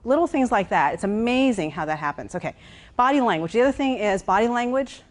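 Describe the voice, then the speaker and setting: A woman executive coach giving a lively workshop talk, walking around as she speaks, repeating words and checking in with her listeners. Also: fairly high pitch, fast talker. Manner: walks around while speaking.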